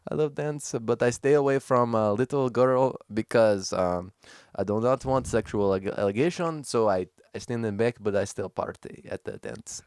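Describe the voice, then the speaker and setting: A man's voice: mid-range voice, moderate pace, hardly any pauses, a little mellow, clean tone, no room sound, clean studio sound, voice pushed down, natural voice. A man playing a prim, formal character in an improvised comedy sketch, speaking in stilted, hesitant phrases. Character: prim reformed man with a stiff foreign-sounding formality.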